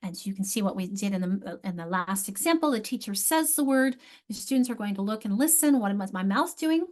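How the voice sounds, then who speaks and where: A woman's voice: mid-range voice, expressive, fairly quick, darkish tone. A woman leading an online teacher training, explaining spelling steps and often correcting herself mid-sentence. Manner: explanatory, self-correcting with frequent restarts.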